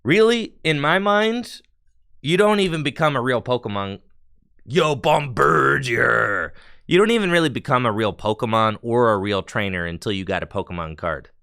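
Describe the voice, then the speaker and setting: A man's voice: medium pitch, animated, brisk, fairly bright tone, smooth. A man chatting casually on a live stream while opening card packs, talking in a chatty, slangy way with bursts of enthusiasm.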